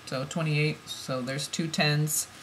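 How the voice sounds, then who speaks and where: A woman giving an oracle card reading, musing softly and then bursting into heated, swearing rants. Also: low-pitched, fairly even intonation, slow, a little hiss or hum. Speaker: tarot reader.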